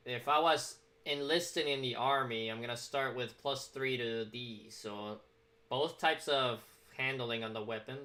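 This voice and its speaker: A man in the middle of a relaxed game stream, his tone bright and a little edgy at the front. He thinks aloud, weighing options and commenting on what happens on screen, at a middle pitch. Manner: musing, thinks aloud while choosing options. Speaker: gaming streamer. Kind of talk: casual gameplay commentary.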